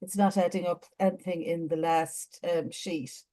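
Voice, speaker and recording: An Irish woman talking through a video call, briefing trainees in a chatty, rambling way full of little ums. Her voice sits fairly low and sounds soft and mellow rather than bright. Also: little pitch movement, moderate pace. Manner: chatty, warm advice with many fillers. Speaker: adjudicator training lead. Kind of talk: online meeting briefing.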